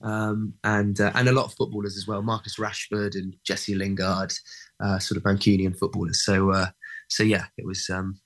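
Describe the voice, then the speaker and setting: A young actor, a guest in a casual interview, pausing often with fillers and restarts as he thinks aloud. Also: lowish voice, level tone, a bit bright, poor audio. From England. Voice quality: many fillers and restarts, thoughtful.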